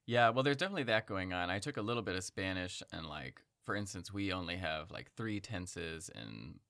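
A man with a fairly low voice co-hosting a podcast, casually walking his partner through a topic. He laughs easily between points. The sound is dry and close to the mic. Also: expressive, brisk, creaky, fairly bright tone, dry recording. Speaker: podcast co-host. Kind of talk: casual chat.

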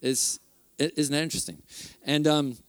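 A male pastor tells stories from a conference stage, slightly higher-pitched than most men. He speaks in an animated, excitable way, full of ums and restarts. The sound is dry and close, with no echo. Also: moderate pace. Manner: animated, excited storyteller, laughs and fillers. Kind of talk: conference sermon storytelling.

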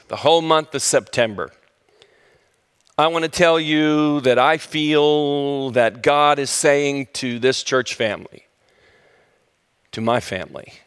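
A man's voice: fairly high pitch, fairly bright tone, smooth. A middle-aged male pastor telling a funny story in his sermon, dramatic and self-mocking.

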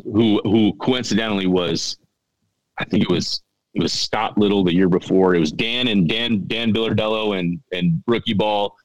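Deep-voiced man, halting and earnest. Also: no room sound, rough recording. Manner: halting, repeats words, earnest. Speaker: podcast guest. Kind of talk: casual storytelling.

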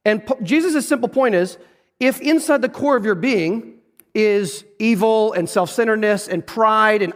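High-voiced preacher in a reverberant hall. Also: male voice. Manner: earnest, emphatic preaching with slowed stressed phrases and some restarts. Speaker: pastor. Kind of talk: sermon. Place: church sanctuary on a stage.

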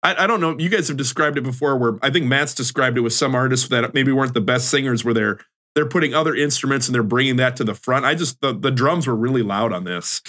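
A man's voice: medium pitch, quick pace, bright, forceful tone. A man co-hosting an album review podcast, thinking aloud in a hesitant way. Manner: thoughtful, hesitant, trailing phrases. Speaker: podcast co-host. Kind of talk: casual chat reviewing an album.

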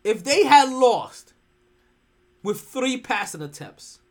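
A sports podcast host ranting in casual commentary, profane and animated, jumping from loud outbursts to hushed asides. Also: mid-range voice, slow.

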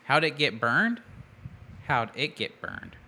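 A man's voice: mid-range voice, sing-song, slow pace, gravelly, sharp tone, a little hiss or hum. A man co-hosting a podcast in casual chat, playful and laughing often. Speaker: podcast co-host.

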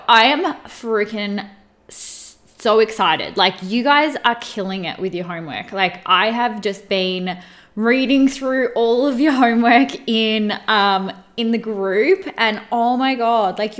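A woman, hosting a live podcast stream and gushing excitedly to her viewers, full of fillers and exclamations. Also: mid-range voice. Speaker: podcast host and mindset coach. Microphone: camera mics on a live stream.

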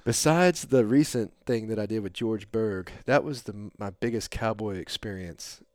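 A middle-aged man hosting a podcast, telling a long story in a rambling, animated way with lots of fillers. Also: on the low side, normal speed, dry recording, clean studio sound. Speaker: podcast host. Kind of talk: casual storytelling chat.

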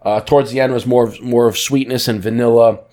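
An enthusiastic man with a mid-pitched voice co-hosts a casual podcast. He talks warmly and keenly as he lays out tasting notes one by one. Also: steady tone, fast talker. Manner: enthusiastic, describes flavors in detail. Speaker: podcast co-host. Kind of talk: casual chat.

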